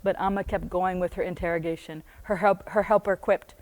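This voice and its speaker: A woman's voice: lowish voice, fairly even intonation, fairly quick, a little mellow. An American woman reading aloud from her own book, breaking off often into chatty asides and laughing as she goes. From United States.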